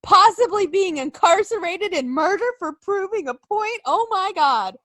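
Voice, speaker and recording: A woman's voice: extremely high pitch, animated, moderate pace, fairly bright tone, dry recording. A woman co-hosting a podcast in casual chat, gushing and giggly, swearing now and then. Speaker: podcast co-host.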